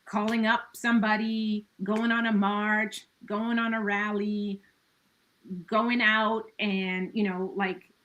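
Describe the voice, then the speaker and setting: A woman's voice: medium pitch, flat delivery, takes it slowly, a bit bright, muffled recording. A woman talking as a podcast guest in a casual conversation. She is earnest and reflective, with many "like" and "you know" fillers and laughs between her thoughts.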